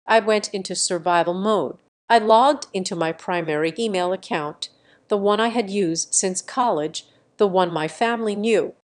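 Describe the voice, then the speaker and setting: A young woman narrates a first-person revenge story in short, clipped sentences. Her delivery stays measured and steady at a middle pitch for a woman.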